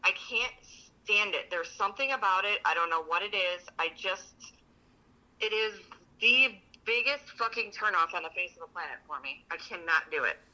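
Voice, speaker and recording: A woman co-hosting a relationship podcast, telling stories in a blunt, profane, animated way. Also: medium pitch, normal speed, low-quality recording. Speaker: podcast co-host. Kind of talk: casual chat.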